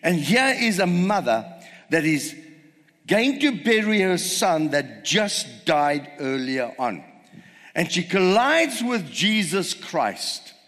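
Animated male preacher in a reverberant hall. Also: high voice, slow pace. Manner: animated storytelling, rhetorical questions to the congregation. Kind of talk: sermon.

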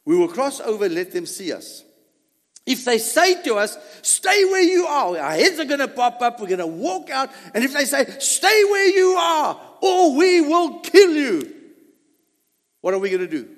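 A fearless young warrior calls out loud and high, as a preacher acts him out. His delivery is emphatic and eager, and it echoes around a big hall. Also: big pitch swings, unhurried, full character voice. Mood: bold, loud.

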